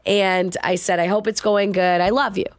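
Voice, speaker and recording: A woman's voice: medium pitch, flat delivery, moderate pace, dry recording, studio quality. A young pregnant woman co-hosting a podcast, telling a friend's story in friendly casual chat. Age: young adult. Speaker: podcast co-host.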